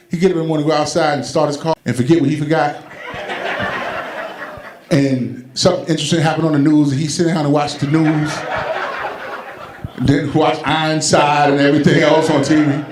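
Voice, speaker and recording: A stand-up comic rambles through his set and keeps breaking into laughter at his own material. His voice sits a little above the usual pitch for a man. The live room gives everything a roomy echo. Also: background noise. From Brooklyn, New York. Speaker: stand-up comedian. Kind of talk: stand-up comedy routine. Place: comedy event venue.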